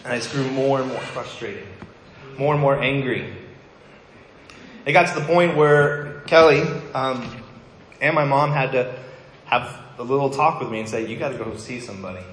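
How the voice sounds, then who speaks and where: A man's voice: mid-range voice, unhurried, pauses often, a bit bright, a little hiss or hum. A male pastor giving a sermon, telling a personal story in a candid, conversational way with wry asides. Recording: echoey hall with long reverb.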